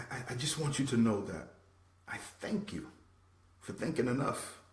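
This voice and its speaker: A man hosting a passionate motivational talk, preaching with sudden swings from loud to soft. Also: medium pitch, roomy sound. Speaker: host. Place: room.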